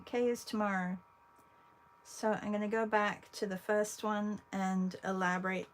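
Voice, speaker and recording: Slow, gravelly English woman chatting. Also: mid-range voice. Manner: chatty, talks to viewers between long pauses. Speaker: art livestream host. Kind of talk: casual chat while painting.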